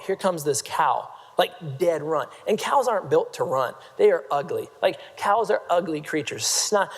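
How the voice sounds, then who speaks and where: A fairly high-voiced man tells stories from a convention main stage, playful and self-mocking, tossing quips at the crowd. His voice carries a long reverb that rings through a large hall. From Nebraska, United States. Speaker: motivational keynote speaker. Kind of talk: humorous storytelling talk to a live audience.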